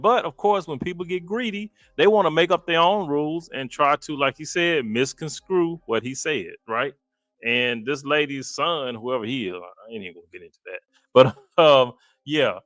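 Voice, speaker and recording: A man's voice: medium pitch, fairly bright tone, dry recording. Guy from dallas doing a reaction vid, chatty and fed up, dry close mic, faint music under. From Dallas, Texas. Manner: chatty, exasperated asides to viewers. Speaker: commentary channel host. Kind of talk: casual reaction commentary.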